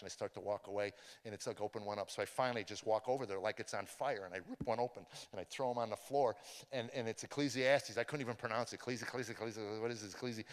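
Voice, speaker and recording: Man telling a testimony in an echoing hall. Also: fairly low pitch. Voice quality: stammers and restarts, storytelling, rising to excited intensity. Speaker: speaker giving a testimony. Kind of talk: testimony to a live audience. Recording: long hall reverb.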